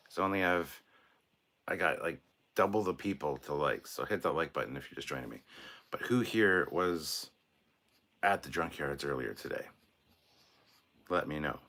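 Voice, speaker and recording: A man's voice: sits low, pushed and bright. A man in his forties hosting a live stream, chatting casually and joking as he reads viewer comments aloud. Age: 40s.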